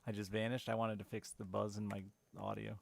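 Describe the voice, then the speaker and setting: A man's voice: on the low side, completely flat delivery, brisk, gravelly. A man streaming a game, chatting casually with wry, profane reactions. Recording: music playing behind the voice.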